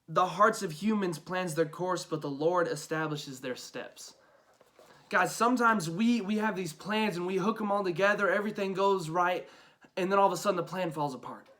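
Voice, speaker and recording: Bright, high-voiced young youth pastor. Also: male voice. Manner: chatty, storytelling, lots of "right?". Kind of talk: casual devotional talk.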